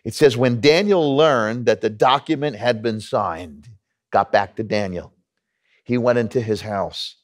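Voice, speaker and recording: A pastor preaching a conversational, emphatic sermon with stories and a New York accent. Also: male voice, medium pitch, a little slow.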